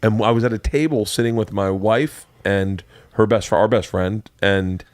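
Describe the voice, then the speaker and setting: A man hosting a podcast, telling stories in an animated way and laughing often. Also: on the low side, normal speed, no echo. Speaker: podcast host. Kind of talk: casual podcast chat.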